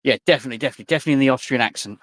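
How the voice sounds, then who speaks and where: A man's voice: medium pitch, rapid-fire, dry recording. A man playing a tabletop game, chatting eagerly and stammering over his words. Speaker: player. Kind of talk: casual tabletop role-play chat.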